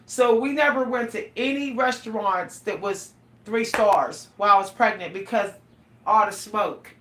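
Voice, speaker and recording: A woman's voice: medium pitch, a little slow, a bit bright. A middle-aged woman, talking casually and animatedly to her viewers, laughing and exclaiming often. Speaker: vlogger. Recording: echoey room, voice a bit far from the mic.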